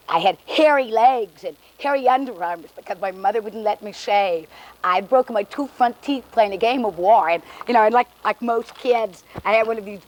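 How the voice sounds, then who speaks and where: A woman's voice: mid-range voice, poor audio. A woman performing a wry, confiding comic monologue about her life, outdoors in an alley. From Texas. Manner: wry, confiding, self-mocking. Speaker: solo stage performer.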